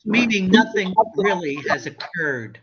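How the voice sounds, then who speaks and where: A woman's voice: lowish voice, a little slow, dull audio, crowd noise. Chatty East Coast woman hosting a livestream. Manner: animated, effusive, thanks guests warmly. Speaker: livestream host. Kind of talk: casual live-stream chat.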